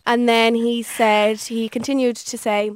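A woman's voice: on the high side, level tone, a little slow, clean tone, no room sound. A young woman with an Irish accent, co-hosting a podcast and telling a story in casual chat, giggling as she goes. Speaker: podcast co-host.

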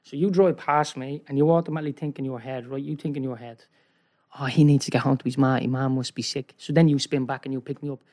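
A man with an Irish accent telling a rambling, animated story as a guest, often checking in with "right?". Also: mid-range voice, fast talker. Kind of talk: casual storytelling.

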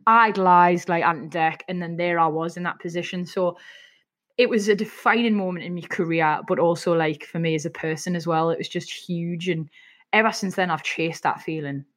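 A woman with a Geordie accent telling stories as a podcast guest, frank and animated, saying "like" a lot. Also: fairly low pitch, moderate pace. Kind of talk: casual storytelling chat.

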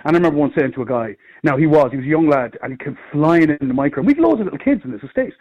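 A middle-aged Irish man, a comedian, telling rambling, animated anecdotes in casual chat. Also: on the high side, rapid-fire, lo-fi sound. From Ireland. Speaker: comedian guest. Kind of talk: casual storytelling.

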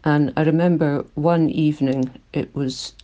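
A woman's voice: deep voice, fairly even intonation, a little slow, mellow, dull audio. Earnest older Glaswegian woman. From Scotland. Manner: earnest, emotional, voice shaking at times. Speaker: climate activist. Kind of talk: recorded interview.

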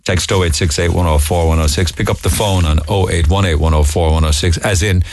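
A man's voice: sits low, steady tone, a little fast, a little mellow. A middle-aged Irish man from Cork hosting a talk radio show, chatting casually as he reads out listener messages and adds asides. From Ireland. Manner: chatty, conversational, reading lists with asides. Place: radio studio.

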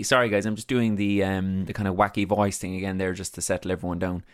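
A man's voice: sits low, flat delivery, quick pace, hardly any pauses, fairly bright tone, smooth. A man with a Cork accent hosting a podcast, talking in a chatty, rambling, self-deprecating monologue. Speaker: podcast host.

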